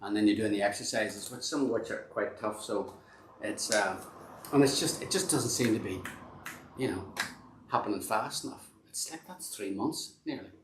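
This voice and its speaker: A man's voice: on the low side, normal speed, slight background noise. A man hosting a casual live-stream chat, rambling and self-deprecating with many restarts. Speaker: host and band member. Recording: echoey room.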